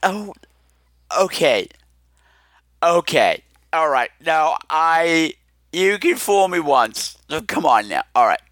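A man's voice: on the high side, sharp tone, dry recording, clean studio sound. A man hosting a podcast, talking in a campy, teasing, theatrical monologue. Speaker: podcast host.

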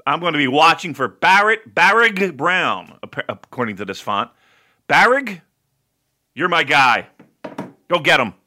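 Lively bright-voiced man, casual swearing. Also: on the high side, moderate pace. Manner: loose, swearing, laughing often. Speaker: podcast host. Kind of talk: casual chat.

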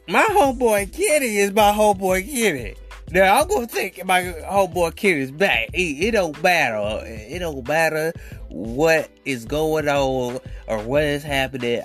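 Young male podcaster, rambling slangy storyteller, mid-pitched voice over soft music. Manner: animated, slangy, rambling, acts out quotes. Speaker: podcast host. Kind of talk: casual storytelling monologue.

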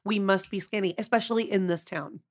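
Giggly woman in a casual chat. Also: mid-range voice. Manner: giggly, quick to agree.

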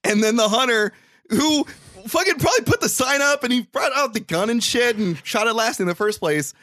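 High, lively-voiced man recapping a movie. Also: brisk, dry recording. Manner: crude, laughing, acts out movie lines in voices. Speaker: podcast host. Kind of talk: casual movie recap chat.

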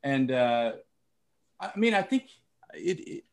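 A man co-hosting a casual teaching podcast, talking in halting restarts and fillers as he thinks aloud. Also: medium pitch, big pitch swings, gravelly. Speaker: podcast co-host, English teacher.

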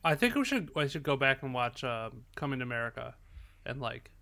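A man co-hosting a podcast, chatting casually about a movie in halting bursts that repeat words at the start of sentences. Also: medium pitch, big pitch swings, creaky, sharp tone. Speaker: podcast co-host. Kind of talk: casual movie review chat.

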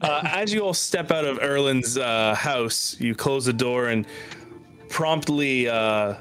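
A man narrating a tabletop game as game master, halting often with fillers. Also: mid-range voice, a bit bright, faint music behind.

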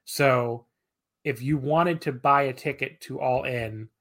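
A man's voice: medium pitch, takes it slowly. Rambling, easygoing man on a podcast. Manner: relaxed, rambling, self-deprecating, many fillers. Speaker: podcast guest. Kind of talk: casual podcast chat.

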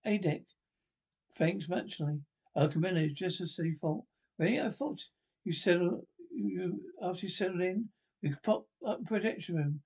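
A man's voice: high voice, moderate pace, creaky, a little mellow, husky. A man reading a comedy TV script aloud, voicing every part himself and reading the stage cues plainly between the lines. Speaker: podcast reader.

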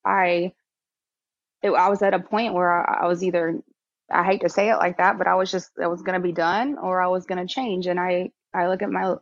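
A woman in her thirties speaks in a candid interview conversation, her voice sitting a little low. She talks haltingly, full of fillers and restarts. The sound is dry and slightly dull, like remote call audio. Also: steady tone, creaky, no room sound. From Texas. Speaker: podcast guest.

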